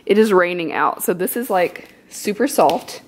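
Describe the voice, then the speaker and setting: A woman vlogging casually into her phone, chatty and gushing with excitement. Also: lowish voice, normal speed, slight background noise, rough recording. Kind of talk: casual vlog chat.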